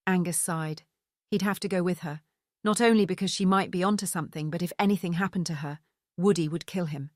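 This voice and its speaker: A woman narrating an audiobook in a steady, even scripted reading. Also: lowish voice, a little fast, no room sound, studio quality.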